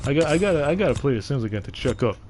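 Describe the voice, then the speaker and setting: Young guy streaming, rambling on with lots of uh and restarts, voice not high not low, hiss all over the mic. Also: lively intonation, racing. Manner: rambling, chatty, frequent fillers and restarts. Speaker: game streamer. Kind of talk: casual live-stream chat.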